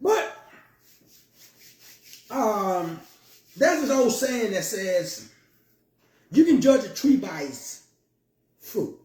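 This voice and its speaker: A man's voice: sits high, sing-song, drawn-out words, long pauses, darkish tone, roomy sound. A man giving a motivational monologue in a preachy, playful way with slangy asides. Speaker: motivational speaker.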